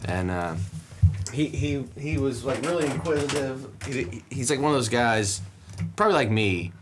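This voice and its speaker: A man's voice: mid-range voice, animated, normal speed, over music. A man co-hosting a comedy podcast in a studio, telling profane anecdotes in casual chat. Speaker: podcast co-host.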